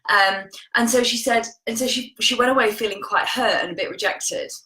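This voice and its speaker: A woman's voice: a little high, normal speed, bright, forceful tone, reverberant, low-quality recording. A woman hosting a casual live stream, chatting and greeting viewers by name as she tells a story. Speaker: host of a live coaching stream.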